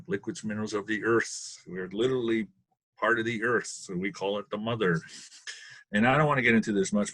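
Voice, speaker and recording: A man's voice: lowish voice, a bit bright, slightly rough, no room sound. A man on a webinar panel who talks in loose, rambling bursts and keeps checking in with "right?". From Canada. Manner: rambling, often asks "right?", laughs often. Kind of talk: casual panel discussion. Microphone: video call.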